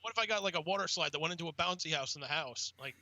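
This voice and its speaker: High, bright-voiced joking podcast co-host man. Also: racing, dry recording, rough recording. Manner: joking, profane, often putting on voices. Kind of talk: casual podcast chat.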